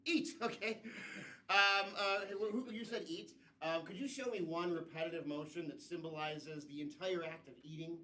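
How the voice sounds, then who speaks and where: A man hosting improv games on a comedy stage, playful and often laughing, with loud announcements. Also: on the high side, moderate pace, a little hiss or hum. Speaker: improv show host. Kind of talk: live improv game hosting. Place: comedy theater with live audience. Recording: distant mic, loud audience.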